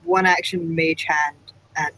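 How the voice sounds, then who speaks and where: A young man at a tabletop game talks quickly and jokes, thinking aloud about what his spells can do. His voice sits a bit higher than most men's. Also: level tone, pushed and bright, slight background noise, low-quality recording. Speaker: player. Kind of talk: casual tabletop game chat.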